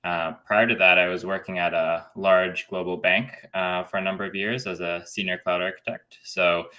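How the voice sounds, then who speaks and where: A man on a live tech show as a guest, friendly and relaxed as he explains his work. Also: low voice, moderate pace. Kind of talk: casual interview.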